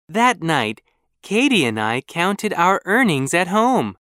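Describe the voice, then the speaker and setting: Slow clear storybook reader, lively ups and downs, dry close mic. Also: mid-range voice, no echo. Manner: clear, careful and measured. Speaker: narrator. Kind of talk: storybook reading for learners.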